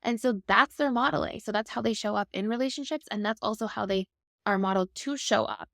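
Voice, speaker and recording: A woman's voice: mid-range voice, a little fast, creaky, fairly bright tone, no echo, clean studio sound. A woman in her thirties, a guest expert, explaining attachment styles in a fluent, upbeat conversational way.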